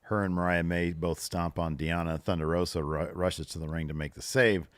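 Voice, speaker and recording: A man's voice: sits low, steady tone, moderate pace, no room sound, studio quality. A man co-hosting a podcast, recapping a show in casual chat and animatedly acting out what people said. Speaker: podcast co-host.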